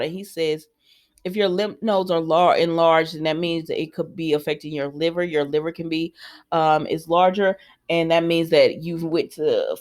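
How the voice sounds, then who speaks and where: A woman casually recapping a soap opera episode as host, rambling and chatty, with frequent ums and restarts, and quick asides as she paraphrases each character's lines. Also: fairly low pitch.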